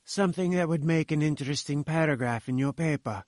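A man's voice: a little high, fairly quick, darkish tone, no echo, natural voice. A man doing a sly wheedling inventor. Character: sly male inventor, nervous and oily.

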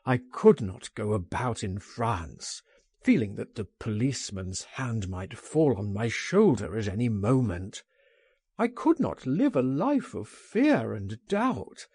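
A man's voice: very animated, slow, darkish tone, husky, dry recording, studio quality, heavily acted. A man reading a storybook aloud, voicing a frightened man who pleads in a raised, anguished voice. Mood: resigned. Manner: pleading, anguished, higher than the narrator. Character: frightened, despairing man trapped by fear.

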